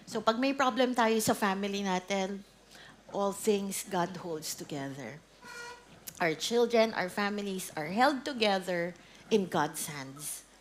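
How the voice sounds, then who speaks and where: At a church training session, a middle-aged woman addresses a women's ministry group in a medium-pitched voice with lively intonation and an unhurried pace. Her Filipino accent comes through as she chats, mixes Tagalog with English, and repeatedly asks her listeners questions. There's slight background noise.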